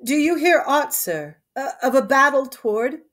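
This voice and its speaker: A woman's voice: high voice, expressive, moderate pace, fairly bright tone, pitched above the performer's own voice. A woman reading aloud as a polite, careful young man asking questions.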